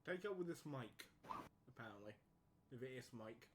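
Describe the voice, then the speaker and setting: A man's voice: medium pitch, expressive, moderate pace, noisy background. A man chatting offhandedly as a player in a tabletop game.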